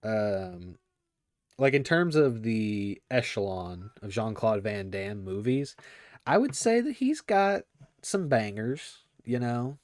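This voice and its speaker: A man's voice: lowish voice, lively intonation, takes it slowly, no room sound. A man hosting a movie podcast, chatting casually in a rambling way with lots of fillers. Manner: rambling, filler-heavy, laughs often. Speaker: podcast host.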